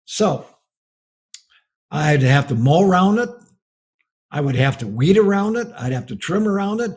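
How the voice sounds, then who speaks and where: Man, middle-aged, sermon storyteller, folksy, chuckling, raspy fry. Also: a little high, expressive, unhurried, long pauses, darkish tone. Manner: folksy, laughs through his story. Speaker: speaker on marriage.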